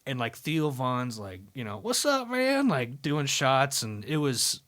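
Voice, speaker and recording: A man hosting a podcast, telling a story in a casual, animated way, swearing and acting out what people said. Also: medium pitch, measured pace. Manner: animated, swears, acts out quotes. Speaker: podcast host. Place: live podcast venue.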